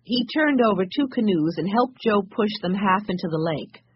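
A narrator reading a children's storybook aloud, clear and expressive. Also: mid-range voice, normal speed, no echo, highs cut off. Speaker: audiobook narrator.

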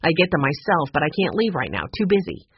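A hurried, polite grown man, as a woman reader voices him, low and husky, on a muffled audiobook recording. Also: very animated, no echo, full character voice.

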